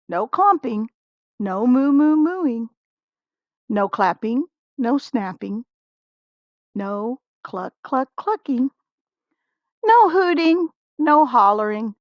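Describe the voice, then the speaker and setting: A woman reading a picture book aloud to young listeners, expressive and stopping to talk with them about the pages. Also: on the high side, no echo. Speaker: storybook reader. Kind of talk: children's read-aloud. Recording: dull lo-fi recording.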